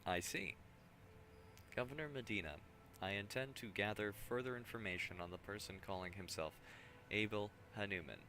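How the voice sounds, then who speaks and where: A man's voice: fairly low pitch, moderate pace, pushed and bright, a little hiss or hum. A man voicing a solemn, zealous male tech priest, reading the lines in a formal, stiff way.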